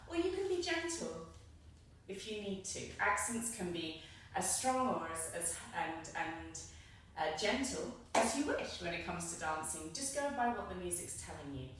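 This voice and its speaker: A woman's voice: fairly low pitch, sing-song, moderate pace, distant mic. A woman leads a belly dance tutorial with upbeat, encouraging instruction and counted beats. Her voice reaches the camera mic from across a very echoey room. A faint noise floor sits underneath.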